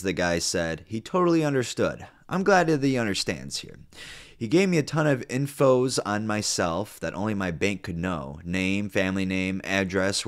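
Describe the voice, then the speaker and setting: A man hosting a channel, reading an online story aloud and breaking off for playful, sarcastic comments, with plenty of fillers. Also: fairly low pitch. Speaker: host reading and reacting to online stories. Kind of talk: casual read-aloud with joking asides.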